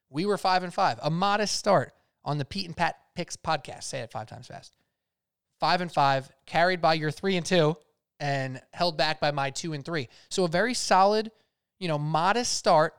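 A man's voice: a little high, a bit bright, smooth, no room sound, studio quality. A man hosting a sports podcast in a loose, rambling, casual chat with lots of fillers. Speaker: podcast host.

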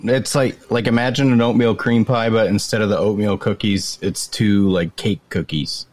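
A man's voice: on the low side, steady tone, moderate pace, a little mellow, no room sound. A man with a Maine accent hosting a casual chat, laid-back and explaining things, swearing casually.

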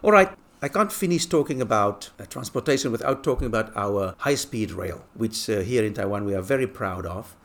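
A man from England who lives abroad, telling relaxed, chuckling anecdotes in a casual monologue. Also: lowish voice, brisk, few pauses. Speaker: expat talking about life abroad.

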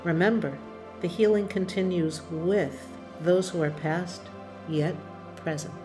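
Gentle, soothing woman spiritual host. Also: on the low side, fairly even intonation, a little slow, over music. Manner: gentle, soothing, emotional at times. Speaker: medium and author, podcast host. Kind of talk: guided spiritual talk.

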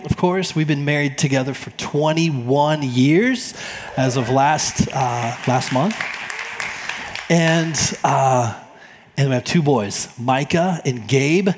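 A man in his forties, a pastor, opening his sermon in a relaxed, chatty way with some fillers and restarts. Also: a little high. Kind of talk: friendly sermon introduction. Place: church auditorium. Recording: long church hall reverb.

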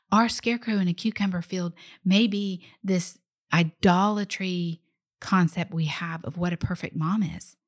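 A middle-aged woman and mother giving a conversational devotional Bible lesson, often dropping to an emphatic whisper. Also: lowish voice. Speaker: mother teaching faith to children.

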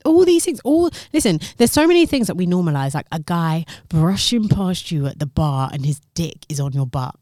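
A woman's voice: on the low side, sing-song, moderate pace, few pauses, dark tone, no room sound, clean studio sound. A woman, co-hosting a casual podcast and telling stories in a chatty way, with slang and swearing. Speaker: podcast co-host.

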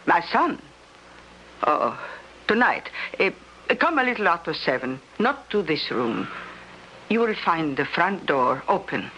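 Cast: greedy old female medium, bright voice, crafty, radio play. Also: on the low side, big pitch swings, measured pace, pauses often, slight background noise, heavily acted, low-quality recording. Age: older. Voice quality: crafty, haggling, claims to be hard of hearing. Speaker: fortune-telling medium. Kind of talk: 1970s radio drama acting.

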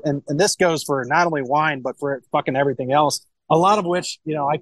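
A man's voice: mid-range voice, dry recording, rough recording. A man in his thirties from Ohio, a sommelier talking in a loose, rambling way in a podcast interview, often swearing and repeating words. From Cincinnati, Ohio. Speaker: sommelier and wine shop owner.

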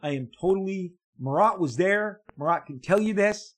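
A man with a fairly high, husky voice spins a casual story for his viewers. He talks excitably, tripping over restarts and repeated words. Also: normal speed, low-quality recording. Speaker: comic book artist telling an anecdote.

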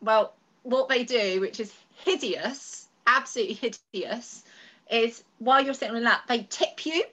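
A woman from the UK, a mother and podcast guest, telling a story in an animated, laughing way. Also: a little high, moderate pace. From United Kingdom. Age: adult with school-age children. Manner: animated, laughs often, breaks into squeals. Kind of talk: casual storytelling chat.

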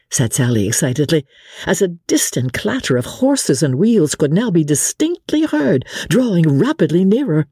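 Woman narrator, husky, lively reading, dry studio sound. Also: sits low, dry recording. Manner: expressive storytelling. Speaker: audiobook narrator. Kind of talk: scripted narration of a classic novel.

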